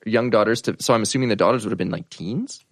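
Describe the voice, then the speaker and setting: A man's voice: fairly low pitch, quick pace, no echo, studio quality. A man hosting a podcast, talking bluntly and swearing freely in casual chat. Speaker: podcast host.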